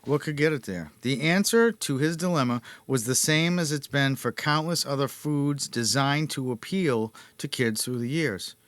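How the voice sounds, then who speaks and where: A man's voice: medium pitch, moderate pace, few pauses, a bit bright, no room sound. A man hosting a casual podcast, reading notes aloud and laughing at his own jokes. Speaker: podcast host.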